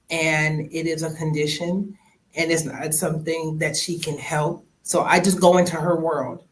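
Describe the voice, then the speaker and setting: Podcast host, unhurried delivery, gentle and empathetic interviewer. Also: mid-range voice, slight background noise, rough recording. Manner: gentle, empathetic, acts out quoted dialogue. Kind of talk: conversational interview.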